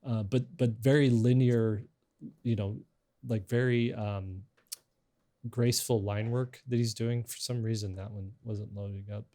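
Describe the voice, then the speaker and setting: A man's voice: fairly low pitch, steady tone, a little slow, warm tone. Rambling middle-aged man hosting a chat. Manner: rambling, hesitant, with many restarts. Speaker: podcast host. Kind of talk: casual chat.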